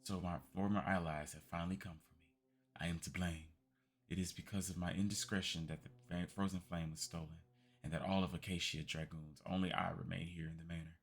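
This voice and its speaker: A man's voice: low voice, flat delivery, a little fast, gravelly, slightly rough, full character voice. A man doing a broken old knight. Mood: rambling.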